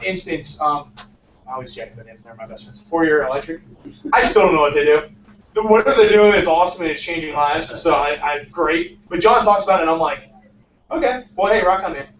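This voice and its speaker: A young man with a high, bright-pitched voice gives an energetic, casual motivational talk as a startup founder. He keeps checking in with the audience by tagging his points with "right?". He is picked up from across an echoey lecture room, and the sound is muffled, with a faint hiss underneath. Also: recorded from a distance. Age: 20s. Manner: energetic, peppers lines with "right?".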